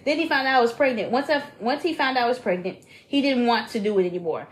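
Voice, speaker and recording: A woman's voice: on the high side, fast talker, few pauses, rough recording. A woman co-hosting a podcast, reading a listener's email aloud with dramatic emphasis and giving blunt, profane advice in casual chat. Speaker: podcast co-host.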